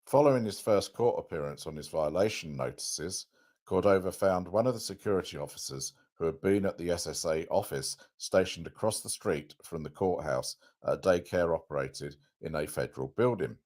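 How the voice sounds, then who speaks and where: A male host reading a court document aloud in a measured, plain delivery on a commentary show. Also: sits low, expressive, darkish tone.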